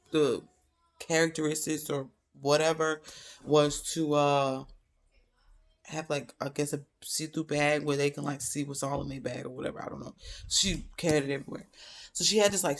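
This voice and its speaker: A young woman vlogger telling a personal story in a casual, animated way, acting out the people she quotes. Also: sits low. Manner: animated, quotes people in raised voices, drawls "baby".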